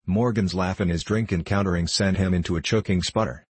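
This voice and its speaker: Male audiobook narrator, deep, husky, dry close sound, measured delivery. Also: steady tone, a little mellow, no echo. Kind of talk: scripted narration.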